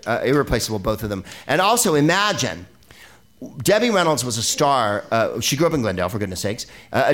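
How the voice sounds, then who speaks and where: A man rambles through film talk like a comic podcast host, swearing freely and laughing at his own asides. His pitch swings widely from low mutters to high bursts, sitting at a middling level overall. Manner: animated, digressive, profane, laughing asides. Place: live venue with an audience.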